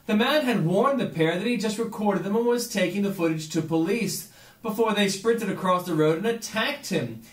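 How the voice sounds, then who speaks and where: High-voiced man reading wry headlines. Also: normal speed, reverberant. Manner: dry sardonic asides between headlines. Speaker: news headlines reader.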